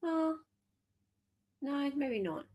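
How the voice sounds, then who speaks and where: A woman's voice: high-pitched, animated, very slow, mellow. A woman with an Australian accent hosting a live stream, chatting playfully with her viewers. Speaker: livestream host. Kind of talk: casual live commentary.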